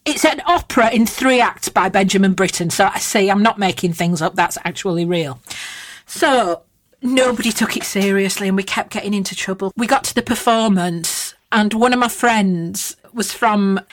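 A woman's voice: mid-range voice, normal speed. A woman co-hosting a casual chat, telling frank stories and giggling often. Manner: chatty, giggly, frank storytelling. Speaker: podcast co-host.

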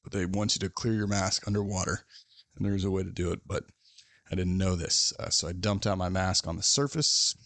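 A man's voice: sits low, fairly quick, a bit bright, dry recording. A man hosting a podcast, telling a story in a casual, rambling, self-mocking way with lots of fillers. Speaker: podcast host.

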